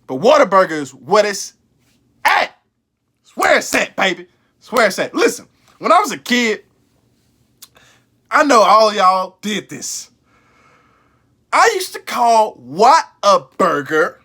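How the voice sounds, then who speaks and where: A man giving a casual, emphatic fast food burger ranking, slangy and profane, often repeating himself. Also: high-pitched, sing-song, bright, forceful tone. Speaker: food reviewer vlogger.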